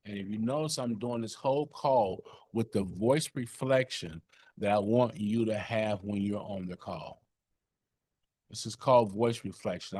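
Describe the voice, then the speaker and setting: A man's voice: fairly low pitch, a little mellow. A man leading a sales training session on a call, coaching in a conversational way with lots of fillers and check-ins.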